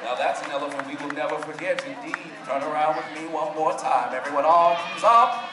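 A man's voice: a little high, brisk, lightly acted. A man playing the showy leader of a singing troupe, rallying a live audience. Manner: theatrical, rallies the audience. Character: boastful male singer, leader of a tribal troupe. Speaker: stage show performer, troupe leader. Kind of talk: live theater show hosting. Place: large theater-in-the-round with an audience. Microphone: camcorder in the audience. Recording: echoey live venue, crowd and music.

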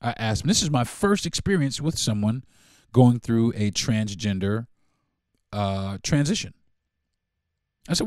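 A man hosting a podcast spins a casual, profanity-laced story, jumping into the voices of the people in it. His pitch swings widely as he talks. The sound is close and dry, with no room around it. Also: measured pace, pauses often, no echo. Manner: animated, profane, acts out dialogue. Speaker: podcast host.

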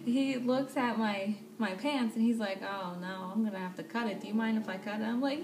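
A young woman casually telling a storytime vlog, animated and swearing freely, laughing often. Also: medium pitch, a little fast, few pauses. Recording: echoey room, faint background noise.

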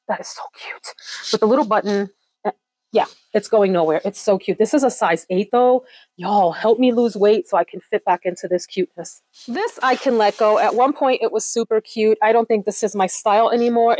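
A middle-aged woman vlogger chatting to her viewers as she sorts clothes, gushing and excitable. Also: mid-range voice, no echo, poor audio. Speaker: closet declutter vlogger. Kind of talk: casual chat to camera.

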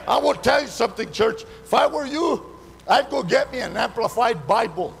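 A pastor with a very high voice, lively intonation, vocal fry and a moderate pace preaches a live sermon in a church sanctuary. He is fervent and repetitive, calling out to the congregation in call-and-response fashion. The recording carries the reverb of a large hall, with faint background noise.

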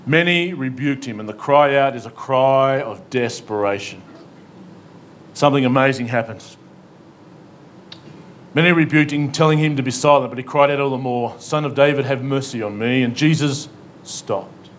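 A man's voice: medium pitch, moderate pace, long pauses, a little hiss or hum. A man with an Australian accent, a pastor preaching a sermon in an emphatic, pleading way, with rhetorical questions and humor. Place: church hall.

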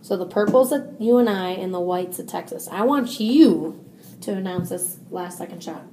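A woman's voice: fairly low pitch, moderate pace, dark tone, slight background noise. Patient tutor woman checking in often. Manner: patient, explains step by step with many "okay?" checks. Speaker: reading tutor. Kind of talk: one-on-one teaching.

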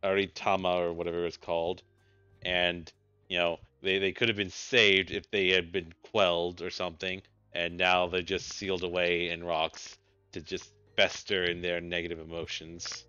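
A man's voice: low voice, little pitch movement, moderate pace, pushed and bright, clean tone, dry recording. A man casually commenting while playing a game, rambling and musing aloud with many fillers. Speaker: let's play gamer. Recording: dull lo-fi mic with faint game music.

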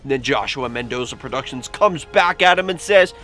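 A man hosting a casual vlog, reading comments aloud with animated, sarcastic asides. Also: mid-range voice, fairly quick. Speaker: YouTube host. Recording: faint music behind.

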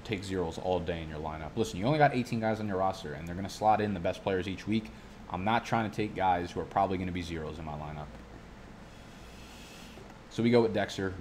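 Low-voiced profane rambling man. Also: darkish tone, a little hiss or hum. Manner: profane, rambling, goes off on tangents. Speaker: fantasy football youtuber. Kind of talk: casual live-stream commentary. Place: home studio.

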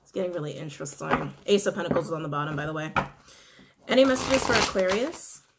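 A woman's voice: fairly low pitch, expressive, fast talker, vocal fry, heavy background noise. A woman giving a casual tarot reading, musing aloud and repeating her phrases. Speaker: tarot reader.

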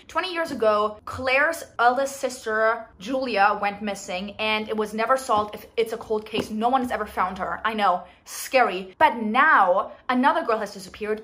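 A woman's voice: a little high, fairly bright tone. A young woman chatting in a casual vlog, gushing about books and shopping in a chatty, enthusiastic way. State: out of breath. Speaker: book vlogger.

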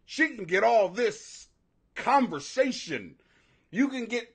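A man in his forties hosting a live stream, ranting loudly and profanely, laughing as he reacts. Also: extremely high pitch, slow, slightly rough. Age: 40s. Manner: profane, loud, laughing, animated. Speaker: livestream host. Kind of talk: casual ranting commentary.

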